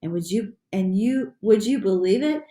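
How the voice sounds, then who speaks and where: A woman reading a children's chapter book aloud in an animated, playful storytelling voice. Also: medium pitch, moderate pace. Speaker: audiobook reader. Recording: echoey room.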